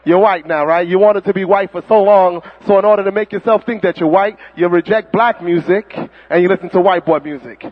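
A man's voice: high-pitched, a little fast, hardly any pauses. A man preaching a fiery, mocking sermon full of impressions. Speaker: Muslim preacher. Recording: dull recording with long hall reverb.

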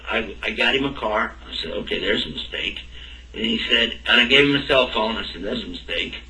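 A man's voice: medium pitch, sharp tone. A man telling a personal story in a talk, acting out both sides of the dialogue. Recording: roomy and distant from the mic.

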